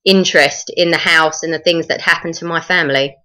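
Woman, interview guest, low bright voice, rambling. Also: fairly even intonation, fairly quick. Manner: friendly, rambling, many ums. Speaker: author guest.

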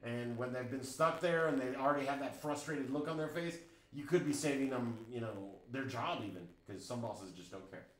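In a low-quality, roomy recording, a middle-aged driving instructor lectures his class at a moderate pace in a mid-range voice. He talks chattily and tells stories, regularly checking in with students with "right?"

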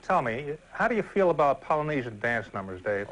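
A man, the show's director, bantering on air in a flat, low-key way. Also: brisk, poor audio. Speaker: show director.

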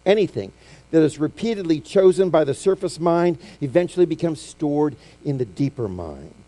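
A middle-aged man preaching a sermon, telling stories and acting out quotes, swinging from loud to hushed. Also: fairly high pitch, animated, moderate pace. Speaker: pastor.

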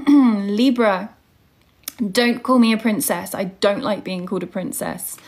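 Slow-talking young woman hosting a livestream. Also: mid-range voice, darkish tone. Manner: greets viewers by name and reads out star signs. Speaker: livestream host and online English teacher. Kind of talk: casual livestream chat reading viewer comments.

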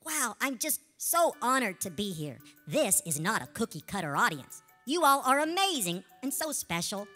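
A man's voice: high voice, sing-song, normal speed, few pauses, bright, forceful tone, faint music behind, heavily acted. A man voicing a cheerful, bell-loving gingerbread man puppet who sings and makes corny puns. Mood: sweet. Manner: sweet, sing-song, corny puns.

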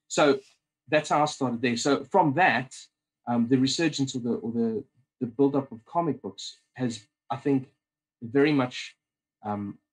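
A man's voice: medium pitch, rough recording. A man with a South African accent, chatting at length as a podcast guest, rambling and often restarting his sentences. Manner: talkative and rambling, many restarts. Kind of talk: casual interview chat.

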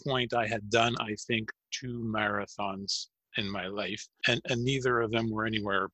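A man being interviewed, talking casually with frequent fillers and pauses. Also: lowish voice, fairly even intonation, bright, forceful tone, dry recording, rough recording. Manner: hesitant, many fillers. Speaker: interview guest, marathon runner. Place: lives in a large Canadian city.

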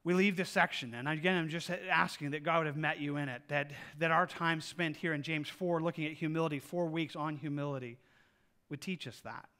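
A male pastor preaching a sermon with lively delivery, acting out little scenes of people praying and God answering. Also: on the high side, a little fast. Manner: animated preaching, acts out voices of people praying.

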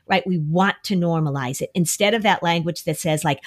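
A middle-aged woman talks through parenting advice on anxiety in a podcast. Her voice sits fairly low. She keeps slipping into little acted-out quotes, jumping higher and brighter as she plays the worried parent. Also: fairly quick, few pauses. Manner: acts out quoted speech with lively shifts. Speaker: anxiety expert.

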